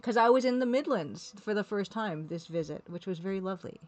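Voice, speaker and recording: A woman's voice: mid-range voice, animated, fairly quick, a little mellow. A woman streaming live, chatting casually and rambling while reading viewers' comments, laughing now and then. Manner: chatty, rambling, laughs often, reads chat aloud.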